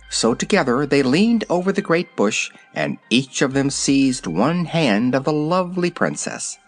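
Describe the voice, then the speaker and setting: A man reading a storybook aloud in a measured, expressive way. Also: mid-range voice, soft background music. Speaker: audiobook reader. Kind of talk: storybook narration.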